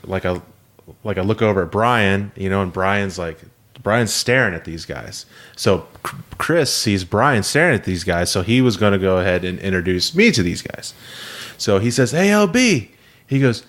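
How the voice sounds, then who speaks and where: A man co-hosting a podcast, telling a story in casual chat, animated, swearing and laughing often. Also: deep voice. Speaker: podcast co-host.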